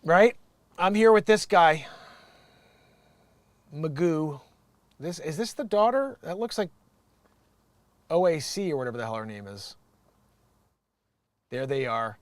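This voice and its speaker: A man's voice: medium pitch, lively intonation, unhurried, long pauses, no echo. A man hosting his own show, ranting casually and sarcastically, rambling, laughing often and mocking people in put-on voices. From United States. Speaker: show host.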